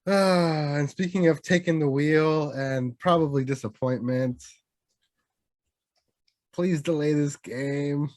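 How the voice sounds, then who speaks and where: A young man co-hosting a gaming podcast, excitable, slangy and casual with swearing. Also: on the high side, slow, no room sound. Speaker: podcast co-host. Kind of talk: casual chat.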